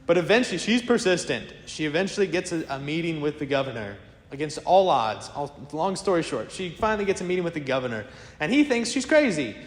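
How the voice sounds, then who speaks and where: Priest giving a casual sermon, fairly high voice, big echoey church with long reverb. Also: male voice, a little fast. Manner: lively storytelling, acts out quoted voices; casual, conversational preaching to a congregation.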